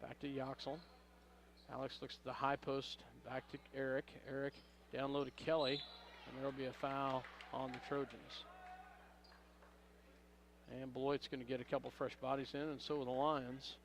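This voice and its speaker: A man's voice: mid-range voice, level tone, slight background noise. Man calling local basketball play-by-play. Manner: rapid play-by-play, rising on big plays, corrects himself. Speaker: play-by-play announcer. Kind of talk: local radio basketball commentary.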